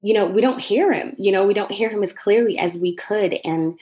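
A woman's voice: mid-range voice, brisk, warm tone, a little hiss or hum. A young woman from Jamaica with a Jamaican accent and a slight Southern drawl, sharing her faith testimony as a podcast guest and laughing often between phrases. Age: young adult.

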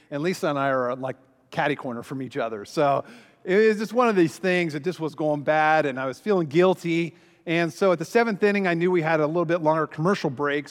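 A man's voice: a little high, fairly bright tone, long reverb tail. A man speaking as a pastor, telling a story with self-deprecating humor and many fillers. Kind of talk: humorous teaching talk.

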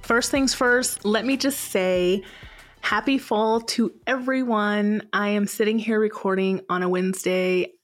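A woman's voice: medium pitch, fairly even intonation, measured pace, faint music behind. A woman hosting her own podcast, talking solo to her listeners in a chatty, playfully sarcastic way. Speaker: podcast host.

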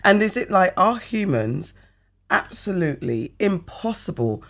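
A man co-hosting a casual podcast chat, talking in an animated, rambling way and swearing casually. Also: high-pitched, measured pace, gravelly.

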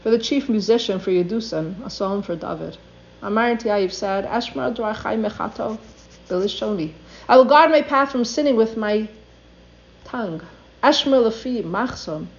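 A woman's voice: on the high side, moderate pace, slight background noise. Earnest older woman, dull lo-fi recording. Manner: earnest, reads passages aloud then translates them. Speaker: Torah teacher. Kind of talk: religious talk with translation.

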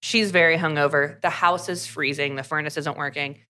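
A young woman co-hosting a podcast, talking casually through a story. Her voice is bright and forceful, with plenty of "like" fillers. She recaps the plot and slips into quick impressions of the characters along the way. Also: deep voice, steady tone. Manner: chatty, many "like" fillers, acts out characters' lines. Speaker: podcast co-host reviewing a romance novel. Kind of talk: casual chat, retelling a plot.

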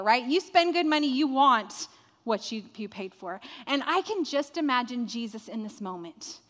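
A woman's voice: high-pitched, pushed and bright. A woman pastor preaching a sermon to a congregation, telling the story with acted-out quotes. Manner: storytelling, acts out quoted dialogue. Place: church hall with a congregation. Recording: reverberant hall.

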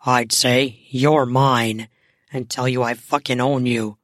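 Seductive man playing Santa, put on by a woman: low, steady, smooth and firm, recorded dry. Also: slow, no echo. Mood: seductive, commanding.

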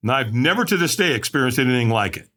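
A man's voice: expressive, quick pace, sharp tone. A man telling his story as a podcast guest, acting out quotes with big dramatic swings. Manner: dramatic, acts out quotes with big pitch jumps. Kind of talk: animated storytelling.

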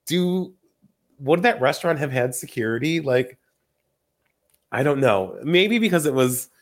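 A man hosting a casual podcast, recapping reality TV gossip in an animated, laughing way with free swearing. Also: mid-range voice. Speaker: podcast host.

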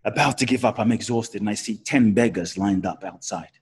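A man as a podcast guest, telling a personal story with animated, swooping pitch and frequent restarts. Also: brisk, breathy edge. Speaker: guest, spiritual teacher.

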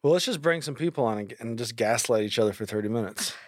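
A man's voice: medium pitch, lively intonation, fast talker, dry recording. A man co-hosts a podcast with his wife, wry and blunt in his remarks. His voice sits mid-range. The recording is dry and close. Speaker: podcast co-host. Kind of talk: casual chat.

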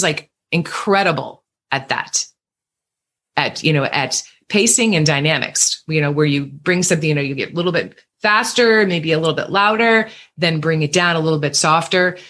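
A woman with a low, husky voice, a singer and voice coach appearing as a guest on a podcast. She explains her points carefully and backs them up with examples, in a relaxed, conversational tone. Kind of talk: casual interview chat.

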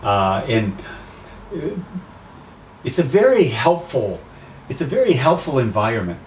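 Man, interview guest, casual conversation, animated storytelling, outdoors by the sea, faint background noise. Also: medium pitch, unhurried, echoey room, recorded from a distance, low-quality recording. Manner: animated storyteller, acts out quotes.

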